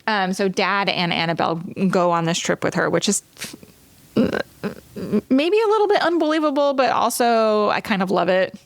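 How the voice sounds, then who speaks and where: A woman co-hosting a podcast recaps a TV episode in a casual, animated, chatty way, with quick laughs. Her voice is mid-range, and the recording is dry.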